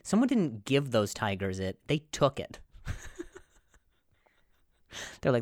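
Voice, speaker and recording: Man, podcast host, rambling, stammering, jokey, animated pitch, dry close mic. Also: unhurried, long pauses, no echo. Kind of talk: casual comedic monologue.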